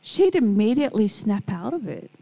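A woman's voice: mid-range voice, very animated, moderate pace, gravelly, low-quality recording. A middle-aged woman giving a Christian devotional talk, telling personal stories and acting out the people in them. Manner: warm storytelling, acts out quoted people. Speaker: Christian speaker.

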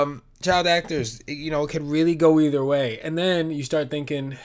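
A man hosting his own podcast, talking alone in a rambling, laid-back way, with plenty of swearing as he tells stories. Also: lowish voice. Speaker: podcast host. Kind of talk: casual solo podcast monologue.

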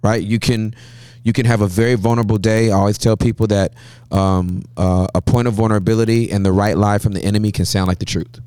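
A man speaking as a guest pastor, telling animated sermon-style stories with a preacher's cadence and frequent laughter. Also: on the low side, fast talker, hardly any pauses, clear, resonant tone, no echo.

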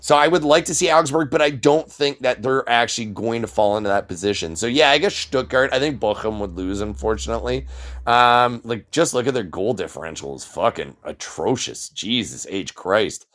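A man's voice: medium pitch, animated, a little fast, fairly bright tone. A man co-hosting a casual podcast chat, swearing often and thinking aloud as he weighs his picks. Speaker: podcast co-host.

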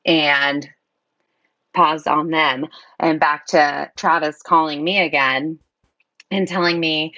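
A woman tells a personal story in an easy conversational way, with lots of fillers. She gets animated and acts out what people said, laughing often. The recording is a little dull and dry, with no room sound. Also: low voice, slow, no room sound. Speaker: guest telling her story.

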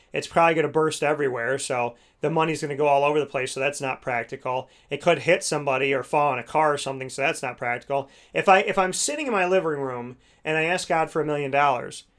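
A man's voice: fairly high pitch, fairly bright tone. A man talking casually about faith and prayer, rambling, with many fillers. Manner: rambling, many "you know"s, restarts.

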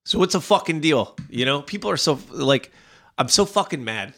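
A man's voice: on the high side, lively intonation, normal speed, a bit bright. A man from New Jersey, co-hosting a podcast and ranting heatedly about work, often acting out his coworkers' voices. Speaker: podcast co-host. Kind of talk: casual profane chat.

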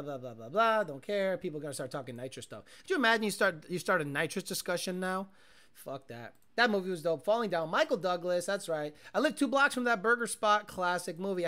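Bright-voiced man ranting casually. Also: high voice. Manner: profane, rambling, animated storytelling. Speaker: livestream host. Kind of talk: casual chat.

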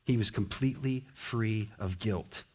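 Fervent pastor preaching with big dynamic swings. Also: male voice, fairly low pitch, a little slow, darkish tone, husky. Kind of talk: sermon.

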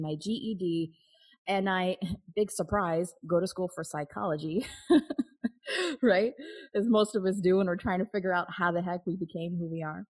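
A woman's voice: on the low side, darkish tone, poor audio. A woman guest telling a personal story in an interview, candid and open, laughing now and then. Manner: candid, with frequent restarts and nervous laughs.

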